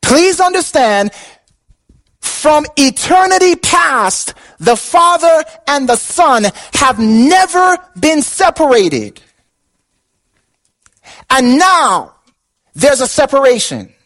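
A man's voice: very high voice, big pitch swings, slow pace, pauses often, fairly bright tone, rough recording. A man preaching a sermon with passion, asking the listeners questions and repeating words for emphasis. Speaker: pastor.

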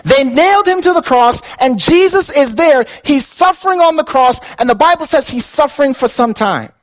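A man with a strikingly high-pitched voice delivers an impassioned sermon. He asks his listeners questions and repeats words to drive the point home. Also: animated, moderate pace, poor audio. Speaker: pastor.

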